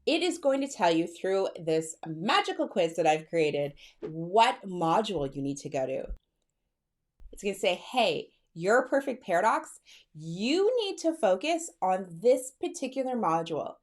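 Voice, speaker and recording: A woman coach speaking close to the mic in a lively, personal vlog style. Her voice sits at an everyday middle pitch. She sounds excited and chatty, and she keeps calling her listeners girl and sis. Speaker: fertility coach. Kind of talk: direct-to-camera coaching talk.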